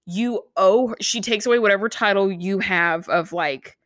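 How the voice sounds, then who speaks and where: A young woman co-hosting a podcast, chatting casually and telling a story with lively impressions of the people in it. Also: moderate pace, dry recording. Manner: animated storyteller, mimics people in shrill voices. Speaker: podcast co-host. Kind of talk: casual chat recapping a reality show.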